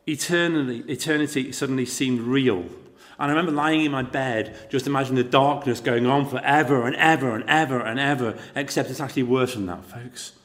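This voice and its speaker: A middle-aged man preaching a sermon, telling the story dramatically, with rhetorical questions to the congregation and shifts between loud emphasis and quiet intensity. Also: medium pitch, fairly quick, hardly any pauses.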